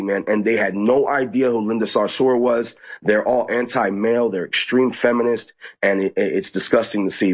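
A fairly low-voiced man with a husky, rough edge tells his story eagerly, jumping into shrill mocking impressions of others. The audio is dull and muffled, like a lo-fi remote feed. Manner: animated, mocks others in high squeaky voices. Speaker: activist guest. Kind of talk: casual storytelling interview.

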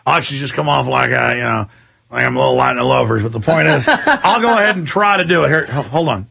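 A man's voice: medium pitch, lively intonation, quick pace, creaky, pushed and bright, husky. A middle-aged man hosting a talk radio show, rambling and emphatic, repeating himself and mimicking other voices. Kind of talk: heated talk radio commentary.

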